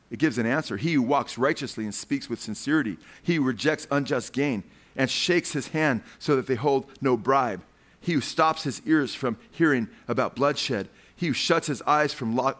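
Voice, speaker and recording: A man's voice: medium pitch, normal speed, a bit bright. Fervent preacher man calling out "man". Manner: fervent, keeps calling listeners "man", asks the crowd questions. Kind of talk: sermon.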